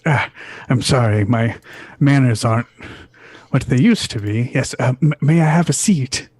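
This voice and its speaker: A man's voice: medium pitch, normal speed, darkish tone, husky, dry recording, close to an everyday voice. A man voicing a stern old male scholar with a book and a cane. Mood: apologetic.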